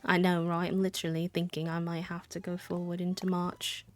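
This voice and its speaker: A woman's voice: on the low side, monotone, fairly quick. A young woman streaming a game live, chatting in a rambling way, answering her chat and thanking subscribers. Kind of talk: casual live-stream chat while gaming.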